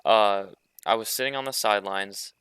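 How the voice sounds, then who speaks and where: A man's voice: on the low side, moderate pace, fairly bright tone, clear, resonant tone, dry recording. A young man co-hosting a podcast, telling stories in a laid-back, joking way. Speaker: podcast co-host. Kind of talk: casual chat.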